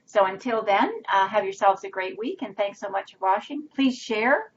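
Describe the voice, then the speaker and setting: A woman's voice: medium pitch, normal speed, dull audio, slight background noise. A woman co-hosting a live web show in casual chat, rambling with many "you know"s and "right"s. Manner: rambling, filler-heavy, says "you know" and "right" often.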